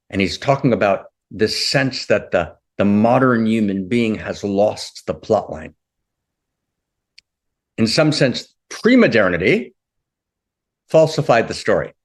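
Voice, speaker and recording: Impassioned man giving a spiritual talk. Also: lowish voice. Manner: impassioned, repeats phrases, often asks "right?". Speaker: spiritual teacher.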